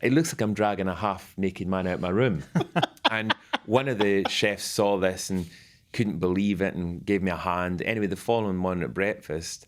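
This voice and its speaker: A middle-aged man, a former butler, tells an anecdote in a relaxed chat, laughing often as he goes. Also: deep voice, moderate pace. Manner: lively storyteller who laughs often. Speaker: former royal butler guest.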